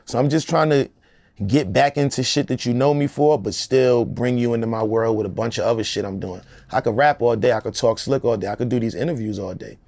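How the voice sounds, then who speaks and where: A man's voice: mid-range voice, fairly quick, creaky, darkish tone, no room sound. A man in his forties, a rapper being interviewed, talking in a casual, profane, streetwise way and often adding "you know what I'm saying".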